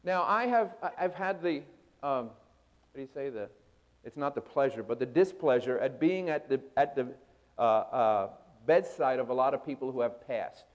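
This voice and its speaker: A man preaching a sermon as a pastor. He questions the congregation and moves between loud emphasis and hushed storytelling. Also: medium pitch, animated, moderate pace, lo-fi sound.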